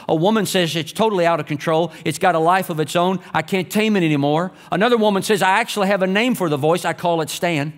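High-voiced pastor preaching with sweeping emphasis. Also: male voice, fast, few pauses. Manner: emphatic, swinging between raised and hushed delivery. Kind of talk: sermon.

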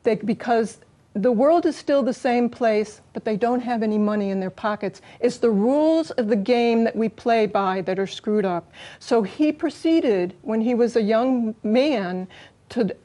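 Earnest woman guest, mellow voice. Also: fairly high pitch. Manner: earnest, quick explaining. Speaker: interview guest. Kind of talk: studio interview.

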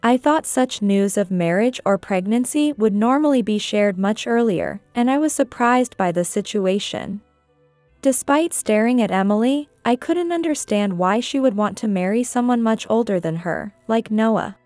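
A woman reading a scripted first-person story in a measured, even way. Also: fairly high pitch, dry recording, faint music behind. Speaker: narrator.

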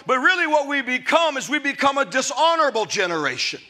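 A man in his fifties preaching a sermon to a live congregation, emphatic and often shouting, with jokey storytelling. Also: very high voice, expressive, quick pace, soft background music. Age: 50s. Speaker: pastor. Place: church service before a live congregation.

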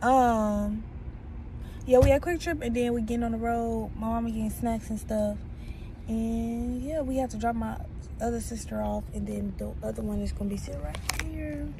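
A woman's voice: a little high, normal speed. A young woman in her late teens, chatting and rambling casually into her phone from a car on a road trip. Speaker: vlogger. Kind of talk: casual vlog chat. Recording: noisy car and gas station sound.

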